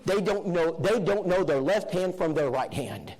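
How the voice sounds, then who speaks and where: A man's voice: sits high, animated, normal speed, a little mellow, husky, poor audio. A male preacher telling a story to his congregation, acting out the dialogue. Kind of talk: storytelling sermon lesson. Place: church, addressing a congregation.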